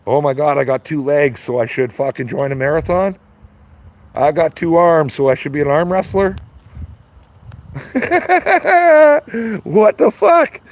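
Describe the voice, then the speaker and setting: A fairly high-pitched male voice, steady and darkish, moving at a moderate pace: a Canadian man in his fifties ranting on a live stream. He's blunt and profane, mocks the people who criticize him, and laughs at his own jokes. The stream audio sounds slightly dull and lo-fi.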